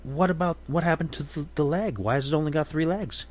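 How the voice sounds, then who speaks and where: An eager city businessman stumbles over his questions, as a man plays him. He speaks a little higher than plain talk. He is curious and polite. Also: brisk, lightly acted.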